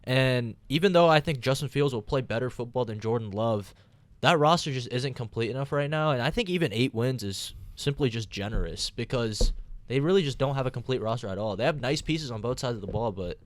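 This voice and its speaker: A young man hosting a casual sports podcast, leading the talk with steady, rambling analysis. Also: medium pitch, a little fast. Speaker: podcast host.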